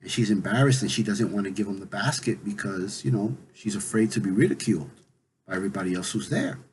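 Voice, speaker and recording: A man's voice: fairly low pitch, fast talker, darkish tone, a little hiss or hum, low-quality recording. A man casually retelling a legend aloud, in a conversational way with many fillers. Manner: conversational, full of "you know" fillers. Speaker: storyteller. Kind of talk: casual oral storytelling.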